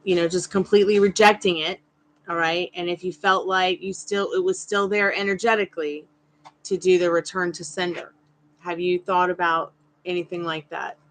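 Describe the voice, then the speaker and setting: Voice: medium pitch, little pitch movement, moderate pace, a bit bright. A tarot reader hosting a live stream, chatting casually with viewers and addressing them by name, firm but polite.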